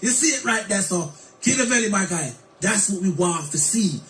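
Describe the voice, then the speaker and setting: Brief: high-voiced man taunting his target, bright tone, echoey clip with music behind. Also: lively intonation, moderate pace, recorded from a distance. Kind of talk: mocking commentary.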